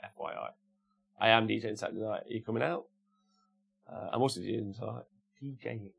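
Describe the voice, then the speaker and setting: A man's voice: lowish voice, a little fast, creaky, a bit bright, breathy edge. A man with an English Midlands accent, hosting a casual livestream, reading out viewers' chat messages and answering them with jokes. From Cannock, England.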